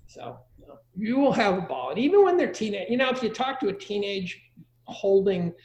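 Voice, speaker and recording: A man's voice: sits high, very animated, fairly quick, darkish tone, a little hiss or hum. A middle-aged man giving crude, joking parenting advice in a casual conversation.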